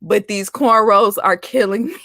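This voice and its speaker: Sassy animated woman ranting. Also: mid-range voice, normal speed, no room sound, clean studio sound. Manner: animated and sassy, laughing, calling out with "honey" and "baby". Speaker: vlogger host. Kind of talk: casual opinion rant.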